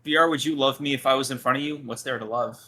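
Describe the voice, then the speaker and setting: A man's voice: medium pitch, quick pace, sharp tone. A man co-hosting a podcast in casual chat, teasing and joking with his co-host and the viewers.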